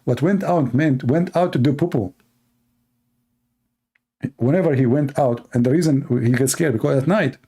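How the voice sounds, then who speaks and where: Sarcastic man, mellow voice. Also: medium pitch, moderate pace, long pauses, slightly rough. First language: Arabic. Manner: sarcastic, teasing, broken English. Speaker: livestream host. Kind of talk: mocking live-stream commentary.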